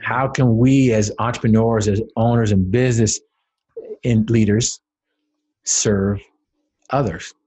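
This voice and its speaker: A man with a husky, slightly rough voice tells a personal story as a podcast guest. He talks dramatically and builds to emphatic, rising peaks. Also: on the low side, fairly even intonation, slow pace, long pauses, a little mellow. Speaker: podcast guest, motivational speaker.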